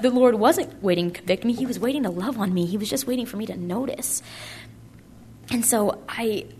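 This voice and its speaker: A young woman giving a casual, chatty personal testimony at a conference, full of likes and ums. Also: mid-range voice. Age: young adult. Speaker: speaker at a purity conference.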